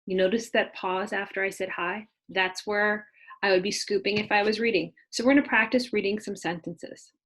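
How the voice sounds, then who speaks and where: A young woman teaching phonics to kindergartners from home, with a gentle, mid-pitched voice. She stretches out letter sounds one at a time before blending them into words. Her pace is patient and clear for small children. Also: fairly even intonation. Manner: slow, exaggerated sounding-out of letters.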